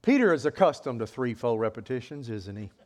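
A man preaching a sermon in an animated way, acting out voices with sudden loud outbursts. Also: medium pitch, brisk.

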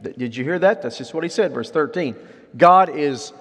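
A man preaching a sermon as pastor. He swings from loud, high outbursts down to quiet, low endings, and he voices imagined objectors in a raised pitch. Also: animated, fast talker, breathy edge, big-room sound.

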